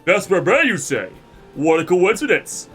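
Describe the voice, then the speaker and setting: A man's voice: sits high, big pitch swings, moderate pace, a bit bright, husky, soft background music, voice pushed up, full character voice. A man with a cold voicing a swaggering, boastful male duelist in grand, old-fashioned speech. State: congested with a cold.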